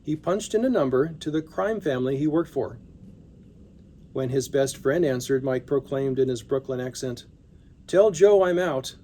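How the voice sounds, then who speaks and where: Calm man reading a story. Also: medium pitch, a little hiss or hum. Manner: calm, measured storytelling read. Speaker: narrator reading magazine stories. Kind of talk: scripted narration.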